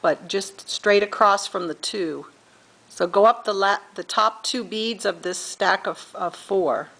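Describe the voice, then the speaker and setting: A middle-aged woman walks through a beading tutorial step by step, patiently counting beads out loud and correcting herself along the way. Her mid-range voice is gravelly with a fairly bright tone, and the recording quality is low.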